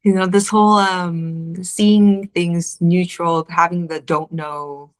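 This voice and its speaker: Low-pitched woman, slow thoughtful speaker in a group discussion. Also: fairly even intonation. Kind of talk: casual spiritual group discussion.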